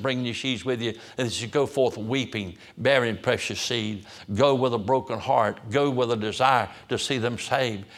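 A man preaching in a mid-range voice. He pleads fervently and returns again and again to the same appeals. He sounds like a pastor leading prayer and giving a sermon. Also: mid-range voice.

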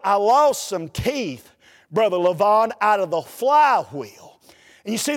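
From the pulpit, a preacher tells a funny story in an animated, folksy manner as humorous sermon storytelling. His voice is high for a man, his pace unhurried, and the church hall's long reverb lingers on each line.

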